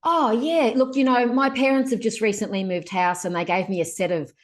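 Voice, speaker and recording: A woman, chatting casually as a guest on a podcast, in a lively and colloquial way. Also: a little high, brisk. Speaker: guest, productivity author.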